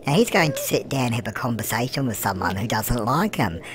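A man's mid-range, everyday-sounding voice, very animated and a little fast, brings to life an elderly British grandmother in comic let's-play commentary. Crowd noise and background music fill the background as she gossips, fusses, and teases about a life-sim game, calling everyone "love" and answering her own questions.

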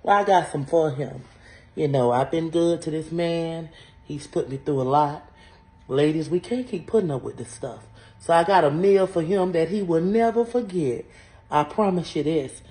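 A man's voice: fairly high pitch, moderate pace, mellow, close to an everyday voice. A man playing a scorned, vengeful wife who talks sassily to viewers in a comedy cooking skit. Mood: vengeful, sassy. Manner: sassy, talks straight to viewers with "y'all" and "honey".

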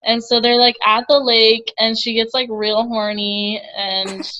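A woman with a slightly high voice chats over a video call, rambling through a summary with lots of likes and ums. She sounds amused the whole time. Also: little pitch movement, a little slow, sharp tone, lo-fi sound. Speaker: participant in a group reading. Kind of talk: casual chat.

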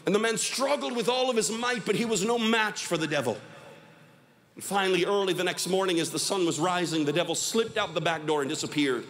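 A man's voice: high voice, fairly quick, a bit bright, big-room sound. A man preaching a sermon, telling a parable dramatically and teasing the audience to respond. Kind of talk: sermon storytelling.

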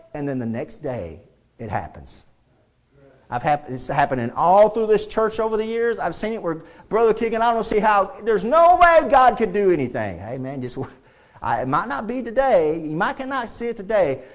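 A pastor preaching a sermon in a church, swinging between loud and hushed delivery and often repeating phrases. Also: male voice, high-pitched, sing-song, moderate pace. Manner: repeats phrases and restarts lines. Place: church sanctuary.

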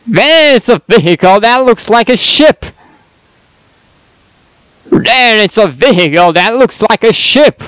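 A man's voice: high voice, lively intonation, slow pace, long pauses, a bit bright, smooth, no echo, full character voice, rough recording. A man voicing a bossy male pirate zombie captain in a growling pirate voice.

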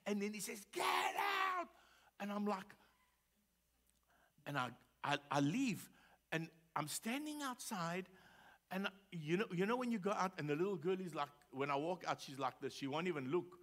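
Male pastor, sermon, fairly high voice, conversational storytelling, repeats himself. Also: lively intonation, moderate pace, a bit bright. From South Africa.

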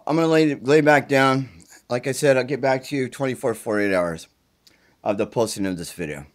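This self-recorded video shows a flu-stricken, tired middle-aged man at his mother's home making a rambling, profane, agitated plea directly to the camera. His voice is mid-range and he speaks a little quickly.

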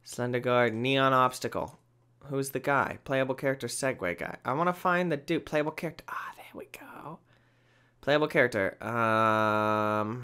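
A man hosting a gaming video, talking through his play in an excitable, exclamatory, rambling way. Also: medium pitch. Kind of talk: let's play commentary.

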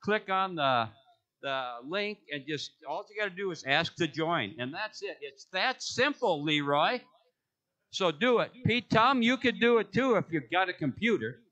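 A man's voice: sits high, big pitch swings, unhurried, sharp tone. A man reading the church announcements in a casual, joking way, rambling and correcting himself as he goes. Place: church sanctuary.

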